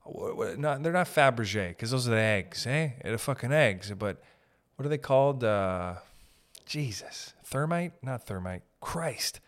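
With an expressive, medium-pitched voice and an unhurried pace, a young man hosting a podcast meanders through a comic monologue. He keeps interrupting himself and swears in a casual way.

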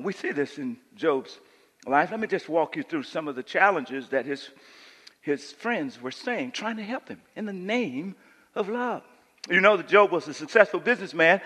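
A man preaching a sermon as pastor, swinging between hushed lines and loud emphatic ones. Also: a little high, animated, unhurried, husky, long reverb tail.

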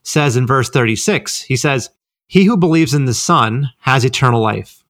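A man co-hosting a ministry podcast, explaining Bible passages in a relaxed way with lots of fillers. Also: medium pitch, normal speed, no echo, studio quality. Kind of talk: conversational Bible teaching.

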